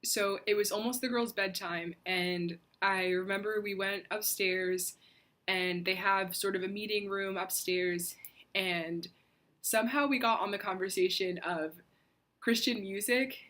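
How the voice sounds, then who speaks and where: Young woman telling a story on her vlog, earnest and reflective, lots of ums and pauses. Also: medium pitch, steady tone, a bit bright. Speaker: faith vlogger. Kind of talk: personal storytelling.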